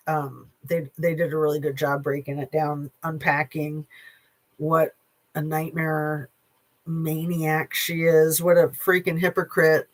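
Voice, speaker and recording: A channel host giving casual opinion commentary, sarcastic and blunt, rambling with filler pauses and casual swearing. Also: medium pitch.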